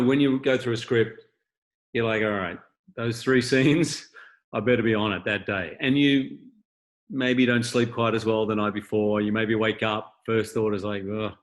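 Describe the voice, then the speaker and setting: A man with a somewhat low voice, speaking over a video call as an interviewee. He tells candid, reflective stories and shares his feelings openly. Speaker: guest interviewee, patron of an acting school. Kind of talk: candid anecdotal storytelling.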